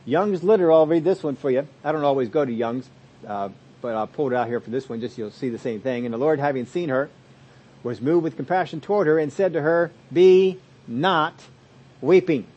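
A man preaching a sermon, explaining scripture and moving between loud emphasis and soft asides. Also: mid-range voice, fast, breathy edge, lo-fi sound. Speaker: pastor.

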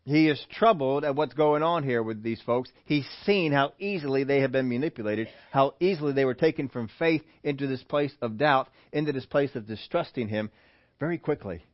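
A man preaching a sermon, animated, who acts out the voices he quotes. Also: mid-range voice, normal speed, no room sound, highs cut off. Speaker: pastor.

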